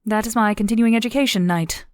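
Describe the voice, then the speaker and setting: A woman voicing an eager, sympathetic female desk clerk who talks in a quick, fussing way. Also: on the high side, no room sound, studio quality, pitched above the performer's own voice, lightly acted. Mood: solicitous.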